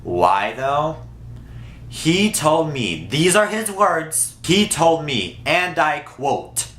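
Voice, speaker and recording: A man's voice: very animated, drawn-out words, a bit bright. Sassy, blunt young man in an echoey room. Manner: blunt, sassy and profane, with big swings in pitch. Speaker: vlogger. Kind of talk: storytime vlog.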